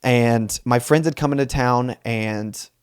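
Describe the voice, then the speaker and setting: A man's voice: medium pitch, takes it slowly, smooth, no room sound, clean studio sound. Young man telling a rambling comic story. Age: 20s. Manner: rambling, self-mocking and animated. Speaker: podcast host. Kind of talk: solo comedic storytelling podcast.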